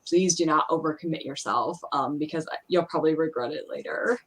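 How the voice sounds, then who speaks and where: A woman co-hosting a casual livestream, rambling with lots of fillers, quick to apologize and giggle. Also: low-pitched, husky. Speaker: podcast co-host.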